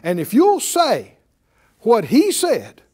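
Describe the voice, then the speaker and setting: A man preaching a sermon, asking the congregation rhetorical questions and swinging between loud emphasis and hushed asides. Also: extremely high pitch, huge pitch swings, slow, husky. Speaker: pastor.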